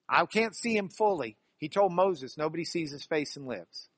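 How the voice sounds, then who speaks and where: A man preaching a sermon as pastor, hammering single words with big swings in loudness and leading the congregation in call-and-response. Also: fairly high pitch, expressive, moderate pace, few pauses, no room sound. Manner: ends in a quiet, soft-spoken prayer.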